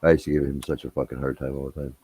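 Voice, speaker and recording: A man's voice: very deep voice, flat delivery, very fast, warm tone, breathy edge, dry recording. A man telling rambling, profane anecdotes in casual chat. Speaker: storyteller.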